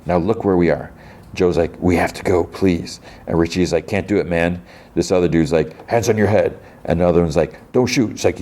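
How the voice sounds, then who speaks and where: Male podcast host, deep voice, casual rambling recap full of fillers. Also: a little mellow. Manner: rambling retelling full of fillers and quoted lines.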